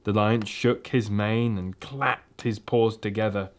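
A man reading a children's storybook aloud, in a gentle, steady and expressive way. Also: fairly low pitch, takes it slowly. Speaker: reader.

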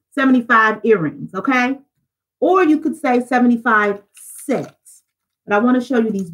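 A woman's voice: on the high side, fairly bright tone, rough recording. Upbeat chatty woman selling jewelry live. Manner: chatty, upbeat, addresses viewers directly as "y'all". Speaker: jewelry seller on a live stream. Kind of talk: live-stream sales pitch.

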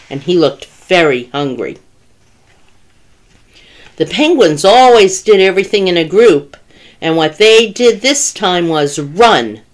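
A woman who works as a children's librarian, reading a picture book aloud with gentle, expressive storytelling. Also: deep voice.

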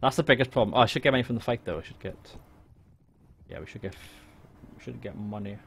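A man's voice: on the low side, quick pace, creaky, fairly bright tone. A young man from Wales streaming a strategy game, chatting casually, swearing and joking with his viewers. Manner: chatty, swears, talks to chat and jokes. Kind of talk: casual gaming livestream commentary. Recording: faint background noise.

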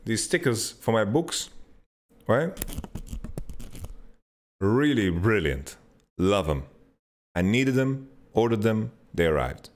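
A man hosting a podcast, telling a rambling story in an animated, sweary way and playing out his own thoughts. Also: slow, long pauses. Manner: animated storytelling, swears freely, mimics himself with pitch jumps. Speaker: podcast host. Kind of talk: casual rambling monologue.

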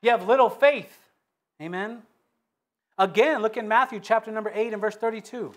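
Man preaching, high voice, fervent, loud peaks, hushed asides, scripture reading. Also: moderate pace. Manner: reads scripture in King James wording with emphatic repetition. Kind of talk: sermon.

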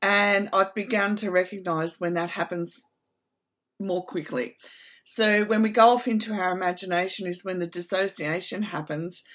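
A woman's voice: mid-range voice, steady tone, normal speed, a bit bright. A middle-aged woman hosting a casual advice talk, speaking earnestly and from the heart, often checking in with her listeners. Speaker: host.

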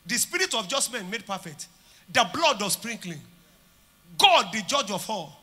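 A man with a Nigerian accent preaching a sermon at a church conference, declaring and shouting, then dropping to quieter talk. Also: high-pitched, big pitch swings, normal speed, big-room sound. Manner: declaring and shouting, swinging between loud and soft. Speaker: pastor.

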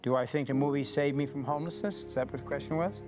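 Brief: candid interview man, higher pitch, profane, music bed below. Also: fairly even intonation, fast, poor audio. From New York. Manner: blunt, profane, rambling with "you know". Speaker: documentary subject. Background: background music.

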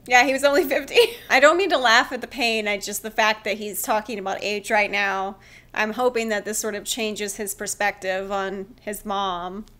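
A woman hosting a drama reaction video, excitable and emotional, laughing and gasping often. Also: mid-range voice, normal speed. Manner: emotional, near tears. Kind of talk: casual drama reaction commentary.

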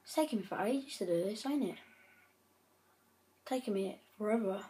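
A woman's voice: medium pitch, lively intonation, normal speed, mellow. A woman giving chatty gameplay commentary, breaking into frequent frustrated outbursts. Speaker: gaming channel host.

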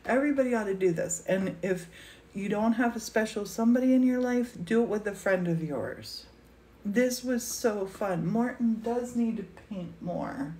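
A woman's voice: medium pitch, normal speed, warm tone. A woman gushing over a gift on a livestream, tearful and exclaiming often. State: teary. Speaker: host of a painting livestream. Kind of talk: emotional casual chat. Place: indoor studio.

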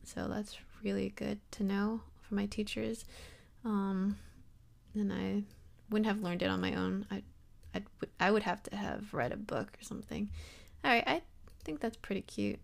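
A young woman hosts a casual screen-recorded software tutorial, rambling loosely with lots of fillers and self-deprecating asides. Her middle-pitched voice has a gravelly, fry-tinged edge, and she talks at a moderate pace.

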